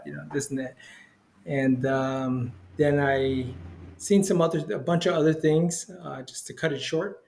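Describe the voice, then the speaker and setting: A man's voice: fairly even intonation, normal speed, a little mellow, slight background noise. A middle-aged man, a spiritual healer, telling his story in a casual, rambling way, full of "you know" fillers. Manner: acts out quoted voices with big pitch jumps. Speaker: interview guest, spiritual healer.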